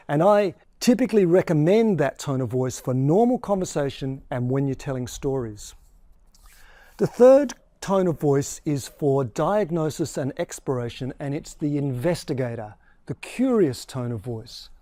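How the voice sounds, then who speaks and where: A man's voice: fairly high pitch, lively intonation, normal speed, mellow, dry recording. A man, a sales trainer, explaining a training course and demonstrating different tones of voice as he talks.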